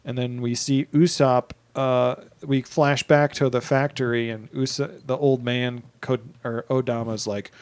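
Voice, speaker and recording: A man's voice: medium pitch, flat delivery, a little mellow, clear, resonant tone. A man co-hosting a casual podcast, recapping an anime with a mid-range voice. He fills gaps with ums and drifts into tangents. He slips into goofy voices to mimic characters. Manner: joking, acts out characters in quick put-on voices; frequent fillers and trailing asides. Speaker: podcast co-host.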